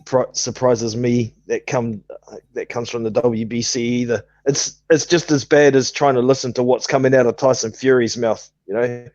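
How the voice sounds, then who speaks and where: A man's voice: mid-range voice, fairly even intonation, normal speed, darkish tone, dry recording, lo-fi sound. A man chatting casually about boxing as a co-host, easygoing and given to chuckling.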